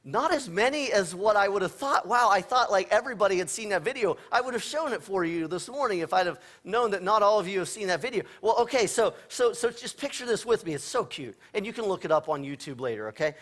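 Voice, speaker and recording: A man with a notably high-pitched voice, preaching a church sermon. He talks in a loose, conversational way and tells everyday stories with a playful, joking touch. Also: animated, quick pace, hardly any pauses, fairly bright tone. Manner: conversational storytelling with playful humor. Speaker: pastor. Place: church sanctuary.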